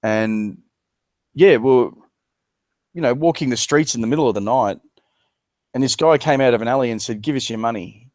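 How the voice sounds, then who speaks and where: A man with an Australian accent telling a personal story in casual chat, laughing and animated as he quotes others. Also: mid-range voice, normal speed, long pauses, no echo. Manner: laughs while telling stories, animated when quoting others. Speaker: discussion participant.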